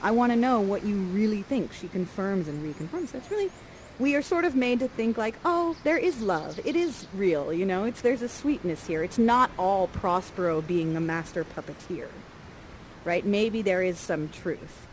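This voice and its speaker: A woman directing a live Shakespeare performance, coaching the players and reading their lines softly. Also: mid-range voice, moderate pace, slight background noise, low-quality recording. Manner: animated, coaching, reads lines aloud in a soft voice. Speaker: theatre director coaching actors.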